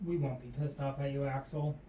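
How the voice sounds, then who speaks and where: A man's voice: mid-range voice, little pitch movement, fairly quick, warm tone, slight background noise. A man playing a tabletop game, supportive and keeping track of the rolls. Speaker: player. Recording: echoey room, off-mic.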